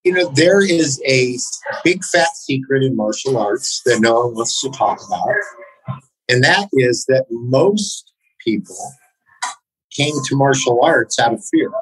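A man being interviewed on a podcast, telling stories in a halting, reflective way. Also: mid-range voice, expressive, fairly bright tone, breathy edge, dry recording, rough recording. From United States. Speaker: podcast guest, jiu-jitsu black belt. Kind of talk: casual interview, storytelling.

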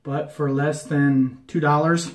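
A man's voice: on the high side, little pitch movement, slow pace. An American man chatting casually to camera about wet shaving, with a jokey, rambling manner full of fillers. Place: bathroom at the sink. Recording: echoey bathroom.

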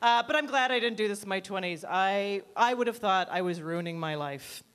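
A woman in her thirties doing a stand-up comedy routine in a club, telling dry, self-deprecating stories and jumping up in pitch for quoted people. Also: smooth. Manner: quick animated voices for quoted people.

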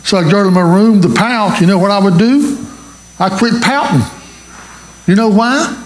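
A man preaching a sermon as pastor, animated and asking the congregation questions. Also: sits high, moderate pace, reverberant, low-quality recording.

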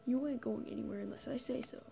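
A woman's voice: a little high, fairly even intonation, fast, creaky, dark tone, a little hiss or hum. Woman doing a cold ruthless boss. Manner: commanding, clipped, whispered. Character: cold ruthless employer of a hired killer.

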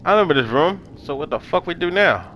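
Excitable young man gaming commentary. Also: fairly high pitch, fast, a little hiss or hum. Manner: excitable, yells and swears when startled. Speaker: gaming channel host. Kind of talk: casual let's play commentary.

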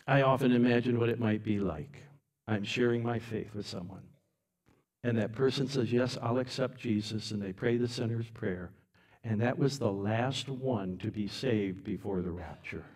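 A man preaching a sermon in a church, telling the story in an animated, dramatic way and swinging from soft to loud. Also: lowish voice, moderate pace.

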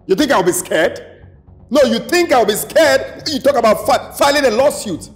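A blustering, arrogant brother with a Nigerian accent, high and swinging wildly in pitch. He shouts and stammers over soft film music. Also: lively intonation, normal speed. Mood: furious. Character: angry arrogant brother shouting at his sister. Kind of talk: Nollywood film drama.

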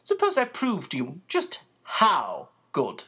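A gentle old man who is secretly a magician , as the reader puts him on. He speaks softly yet with an authority nobody questions, in slow, formal phrases. His pitch rises and falls in a lively way. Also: husky, full character voice. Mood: calm, commanding. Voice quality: soft but authoritative. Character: old male magician shopkeeper, soft, commanding.

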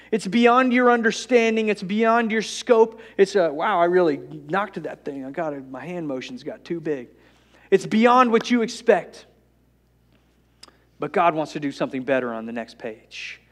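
High-voiced pastor preaching a sermon. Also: male voice. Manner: storytelling, swings from soft and hushed to loud and rousing; playful asides with humor.

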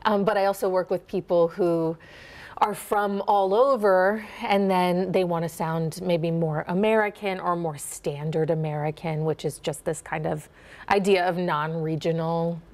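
A woman's voice: fairly low pitch, steady tone, unhurried, a little mellow. A young woman from Minnesota, an accent coach, answering interview questions in a chatty way with lots of fillers and easy laughs.

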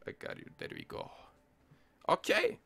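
A young man casually commenting on a mobile game as he plays, excitable, muttering to himself and swearing often. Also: mid-range voice, moderate pace. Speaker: gaming channel host. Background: faint music playlist.

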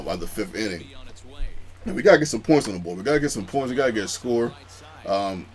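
A young man hosting a gaming channel, chatting in a calm, rambling way with many fillers during gameplay commentary. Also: fairly low pitch.

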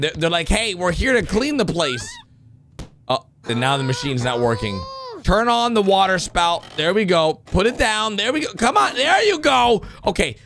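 A man with a high, bouncy voice narrates animated clips as a reaction commentator, jumping from shouts of excitement down to low, worried mumbles. His pitch swings all over the place. There is a faint hiss of noise behind him. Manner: animated, swings between yelling and muttering.

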